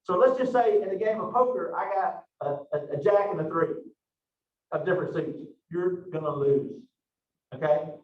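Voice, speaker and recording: A man teaching a biology lecture, lively and joking at his own expense, with frequent rhetorical questions. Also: high-pitched, moderate pace. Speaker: biology instructor. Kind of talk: recorded online lecture. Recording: roomy, distant, dull lo-fi mic.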